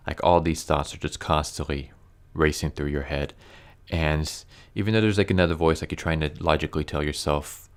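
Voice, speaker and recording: A man talking casually and earnestly to camera, halting often with fillers and restarts. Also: rumbling low, steady tone. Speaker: YouTuber reviewing comics. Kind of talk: casual personal commentary.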